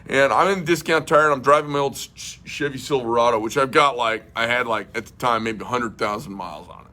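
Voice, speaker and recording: A man's voice: medium pitch, fairly quick, bright, forceful tone. A middle-aged man hosting a casual livestream chat, a rambling storyteller who swears bluntly and fills with many uhs and restarts. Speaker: host.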